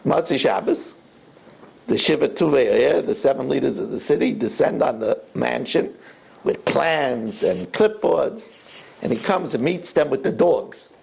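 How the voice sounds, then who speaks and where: A man, a rabbi, giving a sermon and telling a story in an animated, wry way. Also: medium pitch, measured pace, vocal fry, slightly rough.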